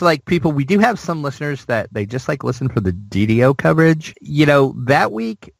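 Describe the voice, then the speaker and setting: A man co-hosting a gaming news show, talking in a loose, rambling way full of "like" and "you know". His voice sits at an ordinary middle pitch. The sound is dry and close, with no room around it. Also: gravelly, no echo, rough recording. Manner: chatty, rambling, lots of fillers. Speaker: podcast co-host. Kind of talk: casual news chat.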